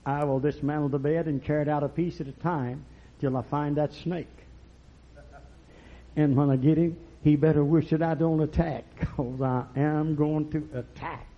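A man preaching a fiery, folksy sermon that swings from low murmurs to loud shouts. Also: fairly even intonation, normal speed. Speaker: pastor. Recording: lo-fi recording.

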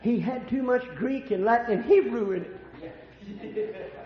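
An older man preaching a sermon, telling folksy stories and swinging between hushed and loud lines. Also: very high voice, slow pace. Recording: echoey room, dull lo-fi sound.

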